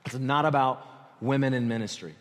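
A man preaching a sermon as pastor in a conversational, animated way, often checking in with his listeners. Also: medium pitch, fairly quick. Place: church sanctuary. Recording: long hall reverb.

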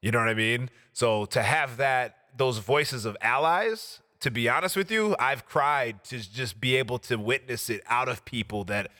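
A man hosting a casual podcast, talking earnestly and heartfelt as his thoughts ramble on. His voice is bright and forceful, and it rings with a long reverb. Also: mid-range voice, moderate pace, few pauses. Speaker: podcast co-host.

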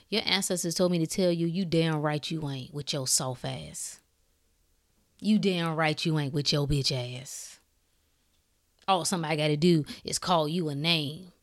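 A woman hosting a podcast, speaking in a blunt, preachy way with swearing and shifting between calm talk and fired-up bursts. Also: low-pitched. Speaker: podcast host. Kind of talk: impassioned spiritual talk.

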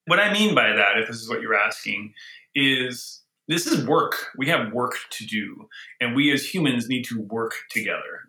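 A man who is a leader and author, talking casually, animated and thinking aloud with frequent restarts. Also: medium pitch, moderate pace, echoey room, poor audio. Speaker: guest, engineering leader and author. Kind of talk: casual conversation.

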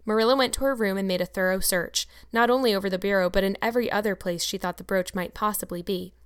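A woman narrating a chapter of a classic novel for a podcast book club, in measured, clear storytelling. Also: mid-range voice, steady tone, dry recording, clean studio sound. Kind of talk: scripted audiobook narration.

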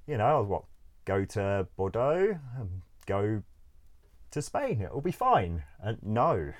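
A man with a notably deep, low voice tells a story casually, as if chatting with a friend. He rambles, drops in plenty of fillers and swears freely. He laughs along at his own misadventures. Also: huge pitch swings, slow, crowd noise.

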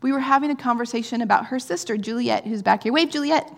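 A woman giving an earnest, conversational sermon, often checking in with "right?" and sometimes dropping to a soft, near-whispered tone. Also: a little high, quick pace, creaky. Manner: drops to soft, near-whispered phrases at times. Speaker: pastor.

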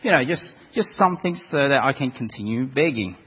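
A man's voice: medium pitch, expressive, fairly quick, breathy edge. A man voicing a cheeky male ex-leper beggar who complains about losing his trade, wheedling and aggrieved. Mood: grumbling. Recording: dull echoey hall recording.

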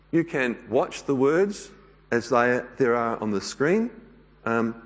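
A pastor giving a sermon in church, speaking gently and unhurriedly with occasional fillers. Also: male voice, mid-range voice, in a large hall.

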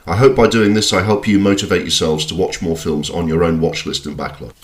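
Low-pitched male podcast host, dry self-deprecating delivery, scripted film review.

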